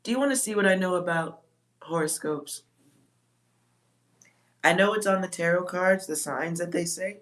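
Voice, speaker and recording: Low-voiced blunt woman. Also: moderate pace, long pauses, fairly bright tone. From Texas. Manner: blunt, profane, laughs often. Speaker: psychic reader on a livestream. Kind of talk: casual livestream chat.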